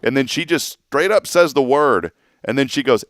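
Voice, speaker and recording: A man in his thirties tells a family story in a relaxed talk-show chat. His voice rises and falls a lot and he laughs often. The sound is close and dry, with no room around it. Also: mid-range voice, normal speed, no echo. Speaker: co-host. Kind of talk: casual chat.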